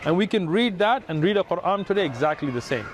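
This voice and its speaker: A man's voice: sits high, expressive, quick pace, a crowd in the background. A man, earnestly explaining his faith to a passer-by in a street conversation outdoors in a city. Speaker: religious outreach volunteer.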